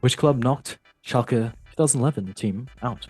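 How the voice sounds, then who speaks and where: Man, quiz host, husky voice, playful, rambling, faint music behind. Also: mid-range voice, moderate pace, darkish tone, no room sound. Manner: playful, rambling, jokey asides. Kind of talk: casual podcast quiz hosting.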